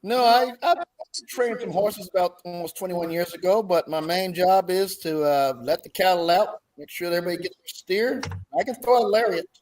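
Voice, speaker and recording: A talk show guest, a man with a Southern American accent and a fairly high voice. He talks in a folksy, exclamatory way and drifts into preaching. His tone is loose and lively. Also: moderate pace. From Southern California. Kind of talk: casual talk show banter.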